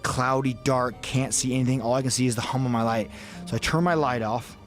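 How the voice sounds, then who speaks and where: A man's voice: mid-range voice, fairly even intonation, a little fast, faint music behind. A man telling a story as a podcast guest, casually and vividly, acting out his own thoughts and swearing freely.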